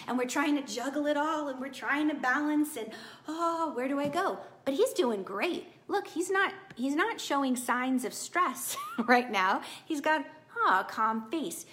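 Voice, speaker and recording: A middle-aged woman giving a casual live tarot reading to viewers, chatty and encouraging. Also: fairly high pitch. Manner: warm, chatty, encouraging, animated with laughs. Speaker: tarot reader.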